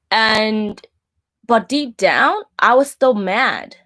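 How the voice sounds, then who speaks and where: A woman's voice: a little high, expressive, extremely slow, a bit bright. A woman in her thirties, the show's host, talking candidly about faith and dating and leaning often on "like". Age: 30s. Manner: candid, heavy use of "like". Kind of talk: personal faith talk.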